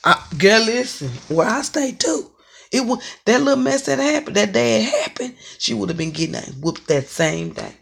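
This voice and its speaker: Gravelly, husky ranting livestreamer. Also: medium pitch, animated, normal speed, a bit bright. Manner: profane, repetitive, confrontational. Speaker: online psychic reader on a live stream. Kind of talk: angry ranting monologue.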